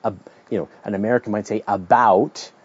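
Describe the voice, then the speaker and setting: A man's voice: mid-range voice, lively intonation, normal speed, mellow, dull audio. A middle-aged Canadian man hosting a question-and-answer podcast, explaining science in a casual, chatty way with restarts and asides. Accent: Canadian English.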